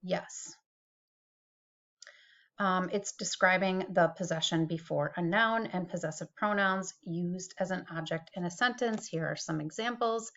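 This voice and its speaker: A woman's voice: lowish voice, moderate pace, hardly any pauses, fairly bright tone, highs cut off. A middle-aged woman teacher giving a chatty, self-deprecating recorded screen-share tutorial on a computer mic.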